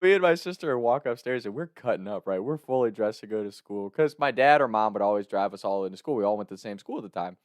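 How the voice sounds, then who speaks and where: A man's voice: on the low side, fast, hardly any pauses, no echo, clean studio sound. A man telling a personal story in a casual way, often laughing as he talks. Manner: laughs often while talking, animated retelling.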